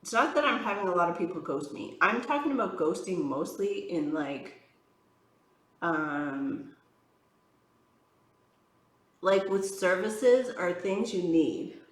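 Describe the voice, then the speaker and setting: A woman with a slightly low voice chats in a loose, rambling way, filling her talk with "like" and "um". She sounds frank and a bit exasperated, speaking casually as a tarot reader on her vlog. The sound carries a noticeable room echo. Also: lively intonation, measured pace. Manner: rambling, many fillers like "like" and "um". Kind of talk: casual chatty vlog while doing makeup.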